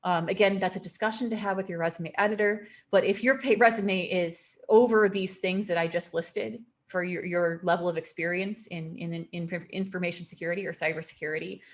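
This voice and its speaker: Over a video call, a woman with a fairly low-pitched voice presents a career webinar. She's emphatic, repeating her warnings and following them with a quick laugh.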